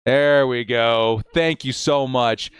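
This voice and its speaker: A man hosting a live stream, reacting with hype, shouting and whooping, and reading out viewer messages. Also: medium pitch, slow, smooth, no room sound, clean studio sound.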